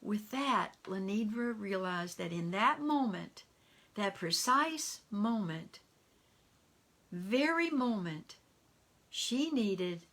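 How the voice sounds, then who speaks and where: A woman preaching a sermon at an unhurried pace. She tells a story with drama and drops at times to a soft hush or whisper. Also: medium pitch, animated. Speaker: minister.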